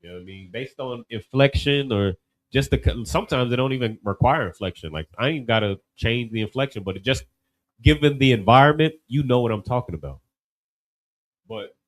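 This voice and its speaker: A man's voice: medium pitch, low-quality recording. A man teaching a class in a loose, conversational way, often asking "you know what I mean?".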